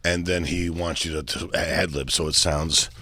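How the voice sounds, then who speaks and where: A man's voice: deep voice, steady tone, moderate pace, pushed and bright, no echo. A middle-aged man with a New York accent, a guest telling loose, laughing stories in casual chat. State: out of breath. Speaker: guest comedian.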